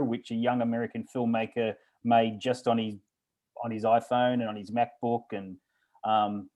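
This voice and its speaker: Older festival director guy, thoughtful, takes his time, middle pitch. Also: a little mellow, poor audio. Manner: thoughtful, measured, with fillers. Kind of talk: casual interview chat.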